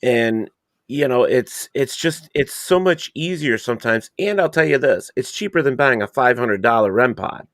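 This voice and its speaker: Halting man, dry close sound. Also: medium pitch, animated, a bit bright, no room sound. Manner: halting, rambling. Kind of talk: casual podcast chat.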